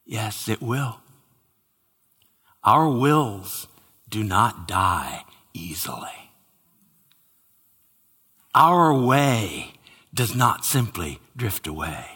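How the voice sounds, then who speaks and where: A man preaching a sermon with dramatic swings between loud exclamations and hushed whispers, in a large church hall. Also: fairly low pitch, very animated, drawn-out words, long pauses, slightly rough. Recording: hall reverb.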